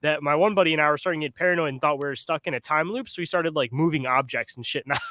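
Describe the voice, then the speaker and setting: Laid-back young man, bright dry voice. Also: on the high side, rapid-fire, no room sound. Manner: laid-back, calls people dude and bro. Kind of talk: casual chat.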